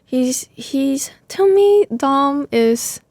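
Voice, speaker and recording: A young woman speaking as an interview guest, soft-spoken and halting, searching for her words. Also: high voice, animated, dry recording. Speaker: musician guest. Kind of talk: casual interview chat.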